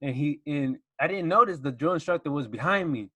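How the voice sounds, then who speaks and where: Young former-marine host, bright crisp voice, dry close sound, chatty storyteller. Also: male voice, a little high, expressive, brisk, dry recording. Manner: laughs through his stories, acts out shouting drill instructors. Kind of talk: casual storytelling chat.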